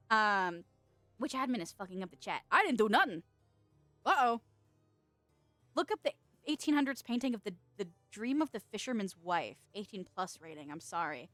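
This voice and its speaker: A woman's voice: a little high, a bit bright, dry recording. A woman VTuber streamer chatting casually with her viewers, rambling, laughing often and swearing freely. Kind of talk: casual livestream chat.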